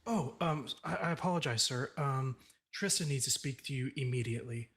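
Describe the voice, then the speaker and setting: A man's voice: medium pitch, steady tone, fast, fairly bright tone, close to an everyday voice. A man voicing a nervous young male production assistant who stammers in a tabletop game. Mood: flustered. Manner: stammering, flustered.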